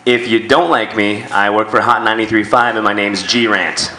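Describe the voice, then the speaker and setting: A man's voice: on the low side, moderate pace, background noise. A man doing a stand-up set on a comedy club stage into a handheld mic, crude and self-deprecating in his storytelling. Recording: echoey club room.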